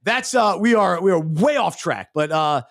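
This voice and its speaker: A man's voice: high voice, expressive, moderate pace, a bit bright, no echo, clean studio sound. A middle-aged man co-hosting a faith-based podcast, talking earnestly and often restarting his words. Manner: earnest, self-interrupting, repeats words. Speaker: podcast co-host. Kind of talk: casual faith-based chat.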